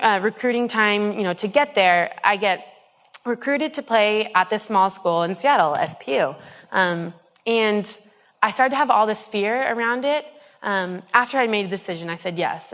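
A young woman in her twenties talks through a faith testimony in a loose, earnest way, stopping on ums and starting her sentences over. Her voice sits at a middling pitch for a woman. A long reverb trails behind her, as in a large hall. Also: fairly bright tone. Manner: earnest, rambling, many ums and restarts. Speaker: speaker giving a personal testimony.

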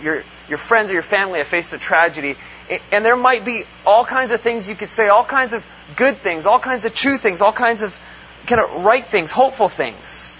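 Bright high-voiced man preaching, lo-fi. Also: lively intonation, normal speed. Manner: earnest, with rhetorical questions and acted-out quotes. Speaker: pastor. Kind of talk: conversational sermon. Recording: dull lo-fi recording with faint hum.

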